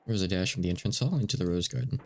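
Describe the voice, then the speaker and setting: Low-voiced man reading a visual novel aloud. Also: darkish tone, a little hiss or hum. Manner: casual asides between narration. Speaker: streamer.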